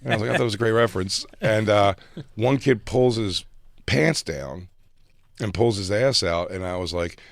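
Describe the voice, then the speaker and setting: In casual chat, a man with a lowish, vocal-fry voice tells a long, animated story from his stand-up comedy days, acting out other people's lines. He speaks at normal speed, with no room sound.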